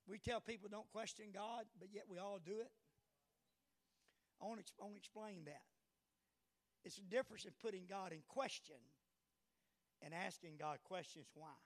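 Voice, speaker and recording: A man preaching a sermon as pastor, swinging from quiet asides to shouted passages and asking the congregation questions. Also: extremely high pitch. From United States.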